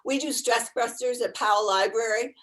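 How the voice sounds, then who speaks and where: A woman's voice: fairly high pitch, normal speed, a bit bright, poor audio. A woman volunteer chatting animatedly on a video call, telling stories about her therapy dogs and laughing often. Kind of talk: casual storytelling on a video call.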